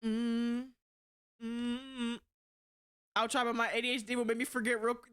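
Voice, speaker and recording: A young woman streaming live, talking to her chat in a loud, blunt, profane way and laughing often. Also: fairly high pitch, little pitch movement, moderate pace, smooth.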